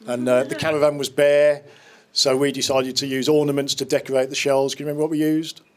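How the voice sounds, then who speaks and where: Man, fifties, mid-range voice, speaking at a wedding reception; warm-hearted jokes and memories, casual restarts. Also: mid-range voice, little pitch movement, quick pace, a crowd in the background. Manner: fond, joking storytelling with small restarts. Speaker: wedding speaker standing in for the bride's father. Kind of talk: wedding speech.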